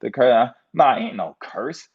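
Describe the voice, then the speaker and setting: A man's voice: medium pitch, lively intonation, measured pace, breathy edge. A man from the United States talking in a meandering monologue, full of fillers and loose trains of thought. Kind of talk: rambling monologue. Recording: dull lo-fi recording.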